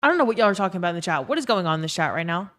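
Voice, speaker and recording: A woman's voice: on the low side, lively intonation, rapid-fire, fairly bright tone. A young woman with a Southern US accent chatting casually on a live stream, swearing freely and reading out chat messages. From Louisiana.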